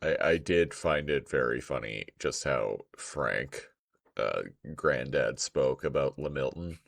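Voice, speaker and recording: Very deep gravelly man. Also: lively intonation, no echo. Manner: short interjections and quick agreements. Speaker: podcast co-host. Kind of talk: casual show review chat.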